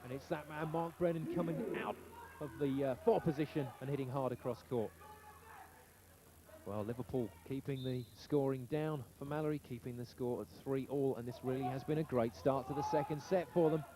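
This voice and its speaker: A man calling live play-by-play sports commentary in brisk, excited calls. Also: mid-range voice. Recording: old TV broadcast with audible noise.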